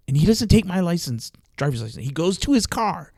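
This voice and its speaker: A man casually telling an animated story on a podcast, laughing often. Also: a little high, fairly quick, vocal fry, dry recording. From Arizona, US. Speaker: podcast host.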